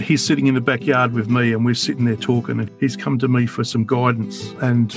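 A man speaking as a guest, telling a personal story in a reflective, sometimes emotional way with frequent restarts. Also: medium pitch. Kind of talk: candid personal conversation.

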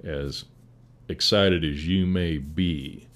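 Older fire chief, very deep, calm storyteller with restarts. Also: male voice, takes it slowly. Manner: calm, steady, rambling with restarts. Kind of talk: casual interview storytelling.

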